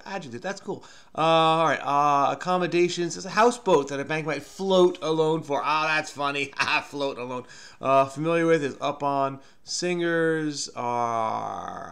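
Man, mid pitch, smooth resonant voice, unhurried puzzle solver thinking aloud. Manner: calm, musing, often trails off unsure. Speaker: crossword solver, channel host.

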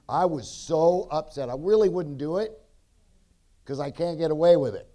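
A man's voice: on the high side, lively intonation, moderate pace, mellow. A man telling his testimony on a convention stage, jokey and blunt, often cutting in with asides. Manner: jokey, keeps interrupting, blunt and rowdy. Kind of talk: rambling storytelling testimony. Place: convention stage before an audience.

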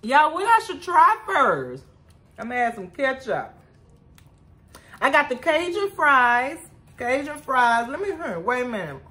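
This food vlogger, a woman with a son, chats casually with her viewers while eating and talking about her food, calling them "y'all" again and again. Her voice is high, bright, and pushed, with big pitch swings at an unhurried pace.

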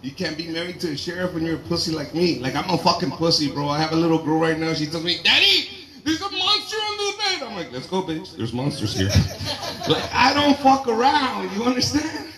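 A man doing a loud, profane stand-up comedy set, telling animated stories to a live audience in a garage. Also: fairly high pitch, brisk. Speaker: stand-up comic. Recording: roomy garage with crowd laughter.

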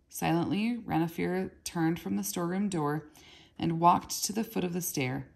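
Low, husky woman reading a novel aloud. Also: normal speed, a little mellow. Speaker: reader.

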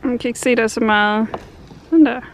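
A woman tosses off quick casual asides from beside the camera. Her voice is a touch high, with clear background noise around her. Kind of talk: casual chat.

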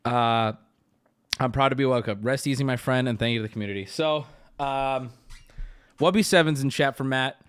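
A man streaming live, talking casually to his chat and swinging between loud outbursts and low mutters. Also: moderate pace, clear, resonant tone. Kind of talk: casual livestream talk.

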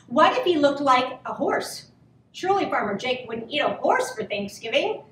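Woman storybook reader for kids: high, animated, unhurried; roomy and distant sound. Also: slight background noise. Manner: gentle, expressive, drawn-out. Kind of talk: storybook read-aloud for children.

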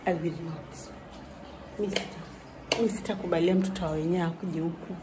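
A woman's voice: fairly low pitch, fairly even intonation, moderate pace, noisy background. A young Kenyan woman vlogging a room tour on her phone, complaining dramatically and switching between English and Swahili. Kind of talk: casual vlog room tour. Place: small rental room and bathroom, indoors. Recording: very echoey small tiled room.

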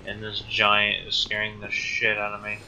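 A man's voice: lowish voice, completely flat delivery, normal speed, noisy background. A man giving casual gameplay commentary, swearing often and rambling in exasperation at the game. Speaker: let's play gamer.

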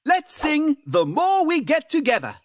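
A woman's voice: high-pitched, wildly swooping pitch, unhurried, full character voice. A woman voicing a cheerful male frog who leads children in a sing-along, with a friendly, inviting manner. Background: loud guitar music.

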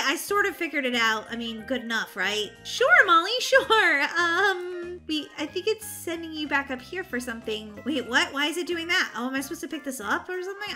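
A woman chats her way through a game in an excitable, bubbly way, easily exasperated when things go wrong. Her voice sits high and sounds sharply bright. Faint music plays underneath. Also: moderate pace. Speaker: gaming channel host. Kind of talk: casual gameplay chat.

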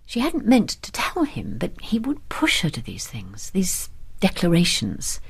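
A woman narrating an audiobook for sleep, softly and at times in a whisper. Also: on the low side, wildly swooping pitch, unhurried, gravelly, breathy edge. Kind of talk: calm audiobook reading for sleep.

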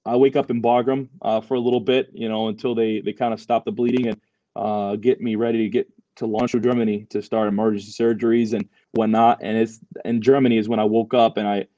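A man's voice: fairly low pitch, flat delivery, fairly quick, warm tone, dry recording, lo-fi sound. A young man, a Marine veteran, telling his story as a podcast guest, loose and full of fillers and swearing. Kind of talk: casual storytelling interview.

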